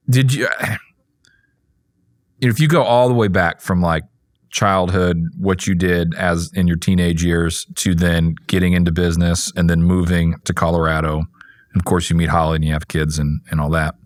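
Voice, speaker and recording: A man's voice: low-pitched, little pitch movement, moderate pace, no echo, studio quality. A man hosting a podcast, chatting casually, often jumping in with short affirmations and clarifying questions. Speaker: podcast host. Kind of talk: casual interview chat. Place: podcast studio.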